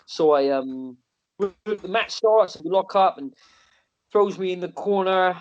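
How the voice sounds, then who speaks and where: A man telling animated, self-mocking stories on a podcast, often restarting and laughing. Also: sits high, slow. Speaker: wrestler and wrestling promotion owner. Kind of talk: podcast interview storytelling. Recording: slightly muffled podcast audio.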